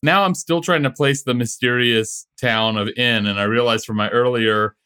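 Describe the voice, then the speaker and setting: A man guesting on a podcast, chatting about a book with wry, deadpan humor. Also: medium pitch, normal speed, clear, resonant tone. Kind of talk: casual book discussion.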